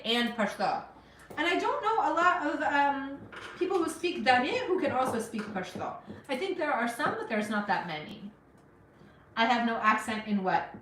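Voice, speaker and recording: Middle-aged woman, slightly high voice, friendly and encouraging cooking-stream host, a bit sniffly, recorded off-mic in a roomy kitchen. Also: a bit bright, distant mic, slight background noise. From Afghanistan. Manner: chatty, encouraging, talks to viewers while cooking. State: sniffling from allergies. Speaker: cooking livestreamer. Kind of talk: casual live cooking stream chat. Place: home kitchen.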